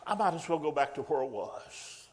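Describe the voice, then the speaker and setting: A man preaching a sermon in a folksy way, rising to loud emphatic bursts. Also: on the high side, expressive, normal speed.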